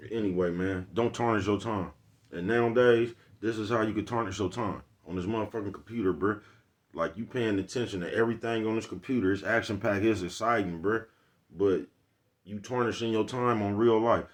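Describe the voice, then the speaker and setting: A man with an African American Vernacular English accent, talking in a loose, slangy, preachy monologue to his viewers. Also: on the low side. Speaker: vlogger. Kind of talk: casual street monologue.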